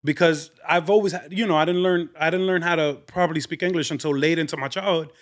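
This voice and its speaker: A man's voice: fairly high pitch, steady tone, quick pace. A man with a Dominican accent, a comedian telling stories in casual podcast chat, switching between English and Spanish. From New York, Dominican family. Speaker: comedian and content creator.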